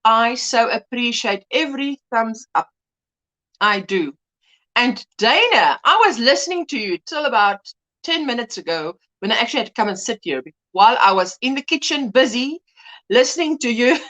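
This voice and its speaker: A woman chats away on her livestream, greeting one viewer after another by name and laughing often. Her voice sits high and swoops up and down with bright expression, like a friendly host chatting from her home setup. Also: lively intonation, normal speed.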